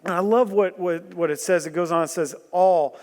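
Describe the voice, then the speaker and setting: High-voiced man preaching in a reverberant hall. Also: normal speed. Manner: animated storytelling with jokes and rhetorical questions; bursts into loud emphasis. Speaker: guest preacher. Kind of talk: sermon. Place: church hall. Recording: long church hall reverb.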